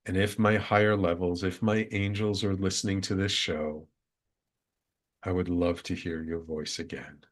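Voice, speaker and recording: A man's voice: sits low, fairly even intonation, moderate pace. A male radio host telling a personal spiritual story in an earnest, reflective way, repeating phrases for emphasis.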